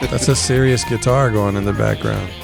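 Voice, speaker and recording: A male comedian hosts his podcast with a gravelly, fry-tinged voice, giggling through puns and playful riffs. Music rings clearly behind him. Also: fairly low pitch, steady tone, moderate pace. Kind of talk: casual comedic banter.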